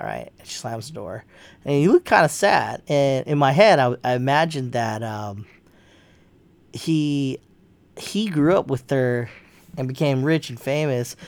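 Creaky-voiced man in a rambling movie recap. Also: mid-range voice. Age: adult with a young child. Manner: rambling, profane, many fillers and restarts. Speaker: podcast host. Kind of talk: casual spoken movie recap.

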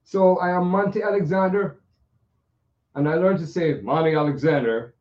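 A man's voice: fairly high pitch, normal speed, a little mellow, far from the mic, muffled recording. Playful man, echoey room. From Jamaica. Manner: playful, rambling storyteller with repeated restarts. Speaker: pianist. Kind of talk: reminiscing monologue.

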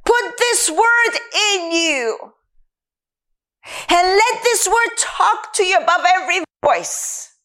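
A woman preaching a sermon and quoting scripture, slow and emphatic. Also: very high voice, sharp tone.

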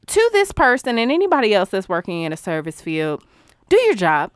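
A woman hosting a casual talk show, telling a story in an animated, exasperated, profane way. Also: mid-range voice, a little fast, clean tone, no room sound.

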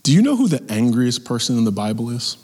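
A man preaching a sermon as pastor, talking in a lively, conversational way with acted-out asides. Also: mid-range voice, fast, husky, big-room sound.

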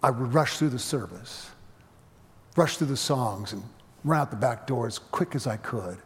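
A man's voice: medium pitch, expressive, moderate pace, slight background noise. Middle-aged male preacher, dynamic sermon delivery, long church-hall reverb. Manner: dynamic preaching, swelling loud then dropping quiet. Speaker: pastor. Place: church sanctuary.

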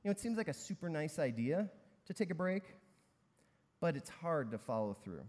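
Casual male pastor, fairly high voice, long reverb from a large hall. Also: sing-song, moderate pace, a little mellow. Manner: conversational storytelling with many fillers. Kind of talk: sermon.

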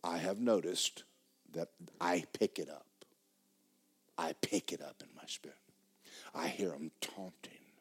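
Male pastor, lowish voice, sermon, swings from loud to hushed. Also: a little slow, pauses often, slightly rough. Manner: swings from loud excited storytelling to low hushed tones. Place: church sanctuary.

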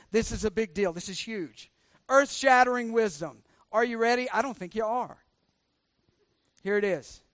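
A middle-aged male pastor with a fairly high voice preaches a sermon. He jokes, slips into sarcasm and keeps quizzing the congregation with questions, and his voice sounds close and dry. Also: fairly bright tone, dry recording.

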